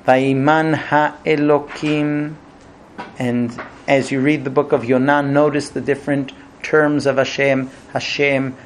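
A man's voice: medium pitch, slight background noise. A man giving a Bible lesson, telling the story animatedly and acting out quotes. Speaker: Torah teacher.

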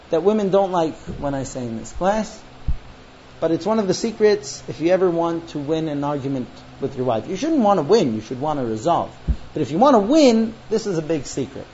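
A high-pitched man lectures a class about marriage, jumping into stories and playing out both sides of a quarrel. The recording is dull and lo-fi, with a faint hum of room sound behind him. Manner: animated storyteller acting out quoted voices. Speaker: teacher.

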